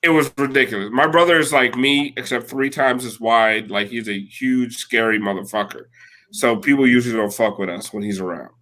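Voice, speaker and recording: A man's voice: mid-range voice, brisk, bright, forceful tone. A man in his late thirties telling a rambling, profane story in casual chat as a podcast co-host. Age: late 30s.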